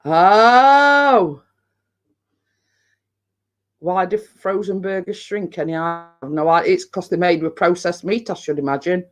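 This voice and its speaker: Slow-talking Yorkshire woman chatting with viewers. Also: fairly low pitch. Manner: chatty, rambling, laughs often. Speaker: live stream host. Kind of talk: casual chat reading viewer comments.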